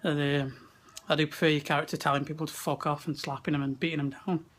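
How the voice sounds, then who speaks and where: A young man with a slightly high voice talks straight into a handheld camera. He chats casually, laughs easily and swears freely. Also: little pitch movement, fast, a bit bright. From West Midlands, England. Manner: chatty, laughing, swears often. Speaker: vlogger. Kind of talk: casual chat. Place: wrestling event venue. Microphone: handheld camera at arm's length.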